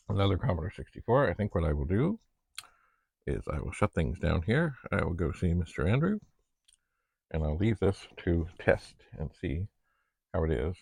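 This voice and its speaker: Deep gravelly-voiced man narrating his tinkering. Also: no room sound. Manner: chatty, narrates each step, playful asides. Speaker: vlog host testing vintage computers. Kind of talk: casual narration while working.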